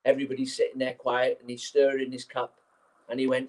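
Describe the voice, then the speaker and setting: A man telling an anecdote as a guest speaker, lively and acting out the scenes as he goes. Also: mid-range voice, fast talker, rough recording. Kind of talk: anecdotal storytelling.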